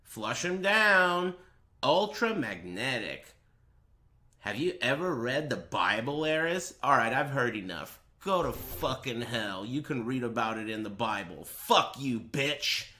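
Brief: man, bright tone, slow lively delivery, mocking, faint noise. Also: medium pitch. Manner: mocking, crude trash talk. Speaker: streamer. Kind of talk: live streaming chat.

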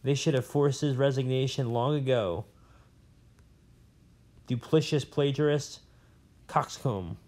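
A man's voice: mid-range voice, a little slow, long pauses, a little mellow, close to an everyday voice. A man voicing a mad old gray-bearded male professor locked in a cell, cranky and spluttering with scorn. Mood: scornful.

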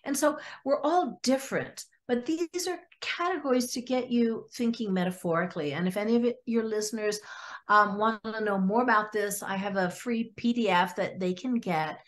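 A woman psychologist, a podcast guest, telling client stories and acting out their words in lively quoted voices. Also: fairly high pitch, moderate pace. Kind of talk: storytelling in a podcast interview.

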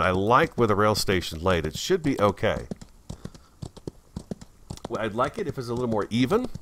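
Low-voiced man chatting through gameplay. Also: a bit bright, a little hiss or hum. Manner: chatty, easily startled, talks to himself. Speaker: gameplay video host. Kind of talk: casual gameplay commentary.

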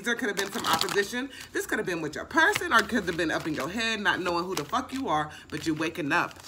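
A woman's voice: mid-range voice, background noise. A young woman giving a casual tarot reading, emphatic and swearing freely, often repeating herself. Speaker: tarot reader.

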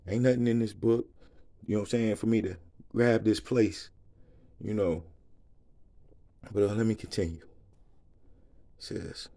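A man's voice: lowish voice, steady tone, a little slow, vocal fry, pauses often, warm tone. A man reading scripture and praying in a casual, emotional way, often asking "you know what I'm saying". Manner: emotional, worked up. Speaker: preacher. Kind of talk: casual bible reading and prayer.

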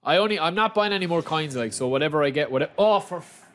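Fast and expressive, the Irish streamer's fairly high, somewhat bright voice reacts to player packs as he opens them live. He repeats his exclamations and keeps calling his viewers lads.

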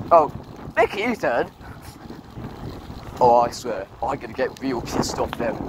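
A man's voice: medium pitch, background noise. A young man vlogging from an electric bike outdoors. He rants and swears at his sat-nav in casual running commentary, picked up by a bike-mounted camera. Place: outdoors on an electric bike along paths and roads.

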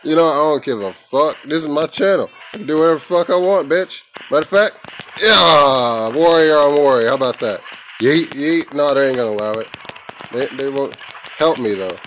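A man's voice: fairly high pitch, lively intonation, normal speed, fairly bright tone, slight background noise, low-quality recording. A young man recording his own gameplay at home on a headset mic, trash-talking, cussing and yelping as he plays. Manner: playful trash talk, cussing, sudden yelps. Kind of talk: casual gameplay commentary.

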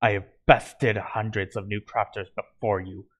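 A man voicing a gloating, murderous ancient male werewolf in a storybook reading, speaking slowly and menacingly. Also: lowish voice, fairly even intonation, breathy edge.

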